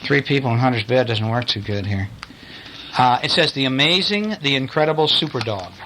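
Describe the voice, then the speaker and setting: A man reads bedtime picture books to a child while lying in bed. His bright voice rises and falls in a lively way. He keeps stopping to chat about the drawings. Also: medium pitch, a little hiss or hum, low-quality recording. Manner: playful, chatty, pauses to point at pictures. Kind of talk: bedtime story reading. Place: in bed at home.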